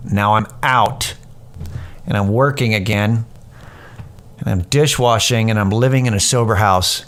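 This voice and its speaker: A man in his thirties hosting a podcast, telling a personal story in a candid, rambling, profane way. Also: lowish voice. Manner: candid, rambling, profane, animated when quoting others. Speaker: podcast host. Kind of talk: casual storytelling monologue.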